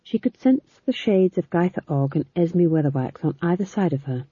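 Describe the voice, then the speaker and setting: Lively woman reading a story. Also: on the low side, moderate pace, husky, no echo. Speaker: narrator. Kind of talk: audiobook narration. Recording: tinny phone-like sound.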